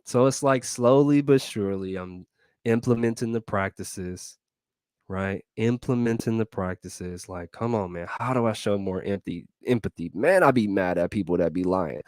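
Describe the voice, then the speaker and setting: A man's voice: on the low side, moderate pace, a little mellow, no room sound. A man giving a casual motivational talk as host, in slangy speech that repeats its phrases and breaks into laughs between points.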